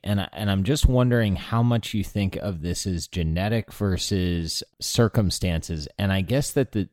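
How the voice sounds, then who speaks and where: Low-voiced guy interviewing, dry close sound, kinda searches for words as he asks. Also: a little mellow, dry recording. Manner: thoughtful, searching questions with restarts. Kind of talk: podcast interview.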